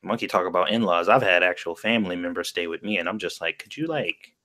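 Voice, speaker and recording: A man with a fairly low voice co-hosts a relaxed stream conversation. He is crude and profane, chuckling through his own remarks. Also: quick pace. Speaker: co-host streamer. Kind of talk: casual livestream chat.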